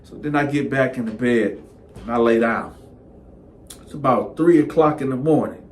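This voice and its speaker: A man telling a personal story in a casual, animated, conversational way. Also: medium pitch, normal speed.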